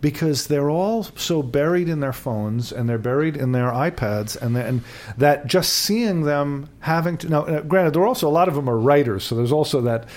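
A man's voice: a little high, expressive, normal speed, a little mellow. An older man co-hosting a talk show in casual chat, rambling and self-deprecating, with many restarts. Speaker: co-host.

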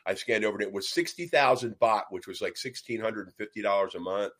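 A man's voice: on the low side, quick pace, a bit bright. A man in a casual chat, chiming in with short reactions and hesitating with fillers.

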